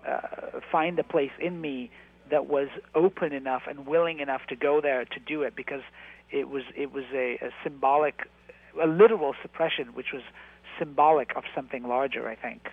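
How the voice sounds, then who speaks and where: A man, an actor, reflecting in an interview, halting with many fillers and restarts. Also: mid-range voice, fairly even intonation, gravelly, slightly rough. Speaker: actor and guest. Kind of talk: interview conversation. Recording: tinny phone-like line.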